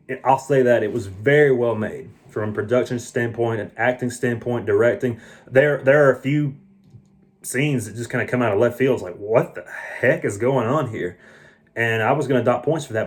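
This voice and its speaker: A tired man talking through a casual movie review, earnest and opinionated, often restarting his sentences. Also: mid-range voice. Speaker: film reviewer.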